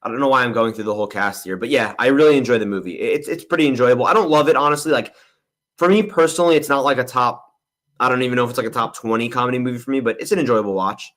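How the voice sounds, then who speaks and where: A young man races through viewer questions on his movie livestream Q&A, his mid-range voice a bit bright. He's rambling and candid, regularly saying "honestly" and "I'm gonna be real."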